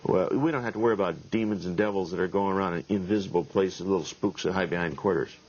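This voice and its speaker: A middle-aged pastor with a husky, somewhat low voice tells a story from the pulpit in a wry, folksy way, chuckling as he goes. The sound is dull and lo-fi, like an old 1990s video tape. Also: fast talker, a little mellow. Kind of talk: storytelling sermon talk.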